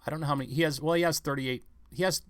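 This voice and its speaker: A man's voice: a little high, steady tone, racing, no room sound, clean studio sound. A man giving rambling, confrontational news commentary on his own channel, firing off rhetorical questions. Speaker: vlog commentator.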